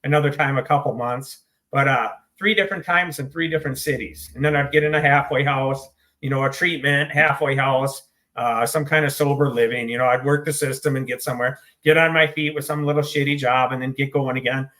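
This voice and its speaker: A man's voice: mid-range voice, steady tone, brisk, pushed and bright. A middle-aged man from the United States, telling his own recovery story in an interview, blunt and swearing, self-deprecating. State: choked up. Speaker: interview guest, author in recovery.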